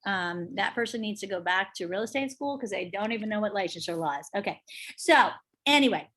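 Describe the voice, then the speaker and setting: A woman teaching a class in a brisk, emphatic, chatty way, often asking the group questions. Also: medium pitch, animated, a bit bright. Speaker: real estate instructor. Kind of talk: casual teaching talk to a class.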